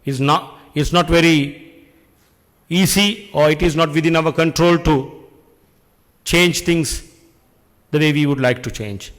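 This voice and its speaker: A middle-aged man, giving an earnest, deliberate speech at an industry function and posing rhetorical questions. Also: a little high, fairly bright tone, big-room sound. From Sri Lanka. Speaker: public speaker addressing an industry function. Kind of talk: speech at an event. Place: function hall.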